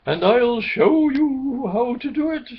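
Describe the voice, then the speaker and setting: A man's voice: very high voice, expressive, takes it slowly, vocal fry, slightly rough, pitched above the performer's own voice, exaggerated voice. A man voicing a kindly, wise old male owl who speaks modestly and knowingly, in a storybook reading. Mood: helpful. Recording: dull lo-fi recording.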